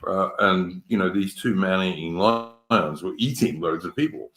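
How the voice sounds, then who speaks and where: Deep-voiced man, emphatic. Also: a bit bright. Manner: emphatic, rambling, with rhetorical questions. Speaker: host. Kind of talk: casual political talk show chat.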